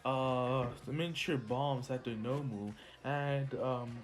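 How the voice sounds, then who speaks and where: A man's voice: medium pitch, steady tone, takes it slowly. A man casually telling a made-up fan story, rambling, correcting himself and laughing at his own slips. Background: soft lofi music.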